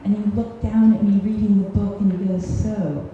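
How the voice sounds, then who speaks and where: A woman's voice: medium pitch, level tone, fairly quick, phone-quality sound, soft background music. A woman in her thirties performing a live personal story on stage, wry and self-mocking, often laughing through her lines. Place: cultural center hall, on stage. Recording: echoey live hall recording with faint hiss.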